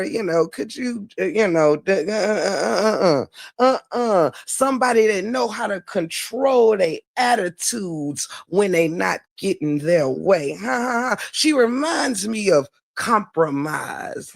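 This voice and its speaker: A woman's voice: medium pitch, creaky, no echo, clean studio sound. A woman giving blunt, profane live-stream commentary, preaching at her audience and firing off rhetorical questions.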